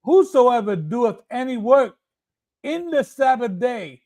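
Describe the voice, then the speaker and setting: Slow high-voiced man reading scripture. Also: lively intonation, darkish tone. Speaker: scripture reader. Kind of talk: reading Bible verses aloud.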